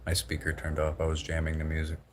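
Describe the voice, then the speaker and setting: Young man, very low voice, slight Southern drawl, loose profane livestream chatter. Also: completely flat delivery, fast talker, a little hiss or hum. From Southern United States. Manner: rambling, profane, laid-back. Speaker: livestream host. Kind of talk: casual livestream chat.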